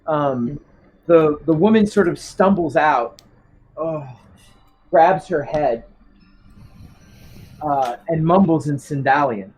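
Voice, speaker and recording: A man's voice: fairly high pitch, rough recording. A man narrating as game master for a tabletop game, rambling with many ums and restarts.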